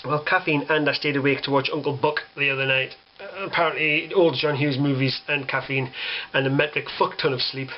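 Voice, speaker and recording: A man's voice: medium pitch, fairly even intonation, a little fast, muffled recording, slight background noise. A young British man delivering a sarcastic, exasperated rant to camera, swearing freely. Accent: British English. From Britain. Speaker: vlogger. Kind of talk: ranting monologue.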